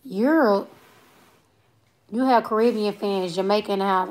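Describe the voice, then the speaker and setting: A twenty-something comedian with a Southern Alabama accent runs a relaxed livestream, replying to viewers' comments loosely and playfully with bits of Southern slang. She speaks at a moderate pace in a mid-range, slightly mellow voice.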